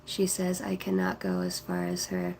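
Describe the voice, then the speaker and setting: A woman's voice: fairly low pitch, sing-song, normal speed, gravelly, a little mellow, slight background noise. A woman in her thirties, a psychic card reader on a livestream, chatting casually and affectionately as she reads out viewers' names. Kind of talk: casual livestream chat reading comments.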